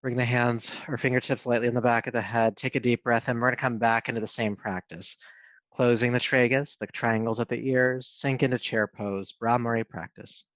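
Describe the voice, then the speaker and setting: A man teaching a yoga class, giving calm, steady cues with soft hums between poses. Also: mid-range voice, fairly quick, no room sound. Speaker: yoga instructor. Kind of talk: guided yoga class instruction. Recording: dull, dry sound.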